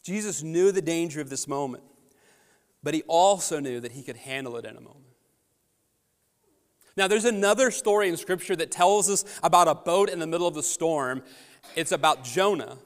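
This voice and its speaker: A man preaches a sermon on a microphone, slipping from easy storytelling into strong, emphatic rises. His voice sits a bit high for a man. The sound carries a long reverb from a large church hall. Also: animated, normal speed, pauses often. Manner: storytelling, conversational with rising emphatic peaks. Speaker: pastor. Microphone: handheld or headset microphone.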